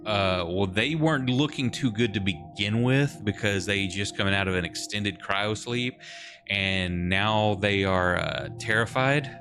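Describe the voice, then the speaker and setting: A man with a very deep voice runs a tabletop game as game master. He rambles through rules and scene setups with lots of fillers, with clear music playing underneath. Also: unhurried. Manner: loose, rambling rule explanations with fillers.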